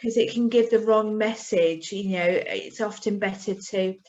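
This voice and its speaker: A woman's voice: mid-range voice, steady tone, measured pace, darkish tone. A woman and adoptive parent explains practical tips casually on a video call webinar. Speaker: adoptive parent on the membership team. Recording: dull lo-fi video call audio.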